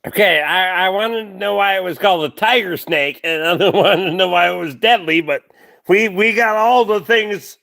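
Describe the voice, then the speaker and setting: A man in his forties with a Canadian accent, hosting a live stream in excitable, stammering casual chat. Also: sits high, moderate pace, gravelly. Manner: stammering, excitable, laughs a lot.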